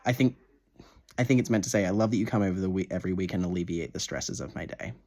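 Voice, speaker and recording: A man's voice: low voice, quick pace, a little mellow. A young man in a casual video diary, gushing over a gift and swearing freely, stumbling as he reads a letter aloud at home. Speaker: vlogger.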